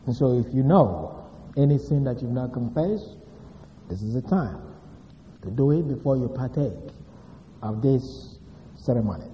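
A man's voice: mid-range voice, lively intonation, unhurried, long pauses, slight background noise. A male pastor preaching a sermon, stressing single words emphatically. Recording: dull reverberant hall recording.

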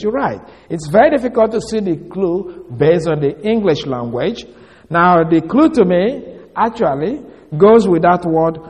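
A man giving an expository Bible teaching, reading verses slowly and spelling out Greek words letter by letter. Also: high-pitched, a little mellow. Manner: slow, emphatic reading of scripture. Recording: long hall reverb.

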